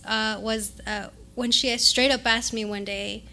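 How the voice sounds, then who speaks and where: A woman's voice: a little high, fairly even intonation, measured pace, pushed and bright. A young adult woman co-hosting a casual podcast, telling a story animatedly with frequent laughs and swearing. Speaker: podcast co-host. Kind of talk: casual chat.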